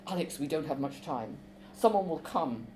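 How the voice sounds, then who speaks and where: A woman reading aloud as a teenage boy, pressing urgently in a low, hushed voice. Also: lively intonation, normal speed, slight background noise, rough recording.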